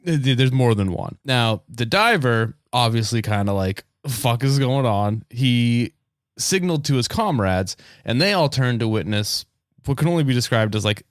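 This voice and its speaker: A man hosting a podcast tells a spooky story with a lively, swooping delivery and keeps breaking into laughter. His voice sits in a middle register and is recorded dry and close. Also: medium pitch, moderate pace, no echo. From United States. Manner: animated, laughs often, swears casually. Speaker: podcast host. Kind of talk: storytelling on a casual comedy podcast.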